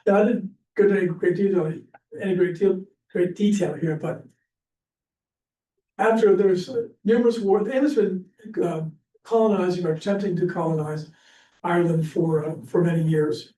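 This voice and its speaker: Recorded on a distant mic in an echoey room with faint hiss, a Pennsylvania man gives an informal history lesson at church. He's chatty and rambling, often restarting and using fillers, in a high, mellow voice at normal speed.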